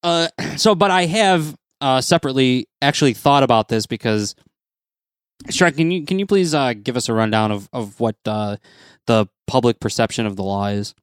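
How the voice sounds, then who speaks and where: A man co-hosting a casual podcast chat, teasing his friends and hedging his points with halting restarts. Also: medium pitch, clean tone, no echo, studio quality. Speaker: podcast co-host.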